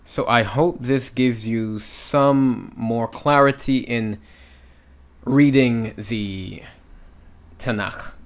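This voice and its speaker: Speaking very slowly in a medium-pitched voice, a man teaches Hebrew reading, patiently working through letters and syllables one step at a time.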